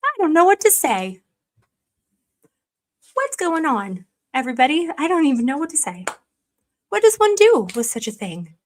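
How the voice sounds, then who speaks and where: A woman's voice: high voice, very animated, normal speed, long pauses. Gushing, rambling woman livestream host. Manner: emotional, gushing, rambling with many restarts. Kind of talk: casual livestream chat to viewers.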